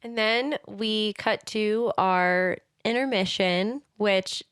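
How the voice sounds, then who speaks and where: A woman's voice: mid-range voice, slow, fairly bright tone, clean tone, dry recording, clean studio sound. A young woman co-hosting a podcast, recapping a film with wry remarks and frequent laughs. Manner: wry, laughs often, short agreeing asides. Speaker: podcast co-host. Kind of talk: casual chat recapping a film.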